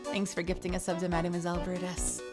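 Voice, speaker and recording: A woman streamer reading a game aloud live, lively and amused, with background music. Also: fairly low pitch, quick pace.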